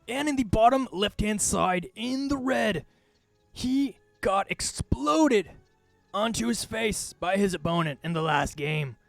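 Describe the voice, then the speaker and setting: A man putting on the voice of a breathy male esports announcer who gives bombastic, jokey player introductions. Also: sits high, animated, takes it slowly, dry recording, soft background music, pitched above the performer's own voice, exaggerated voice. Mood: hyped. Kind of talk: impression of an esports caster.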